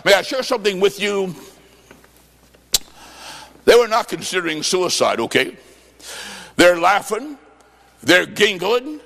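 A man preaching a folksy sermon, telling stories with quoted dialogue and bursting into shouts. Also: high voice, big pitch swings, a little slow, vocal fry, long pauses, long reverb tail.

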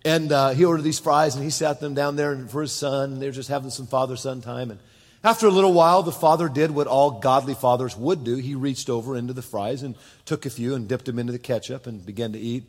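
A man's voice: medium pitch, steady tone, fast. Man preaching in an echoey church. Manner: preaching with quoted voices and asides to the congregation. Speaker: pastor. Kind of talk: sermon.

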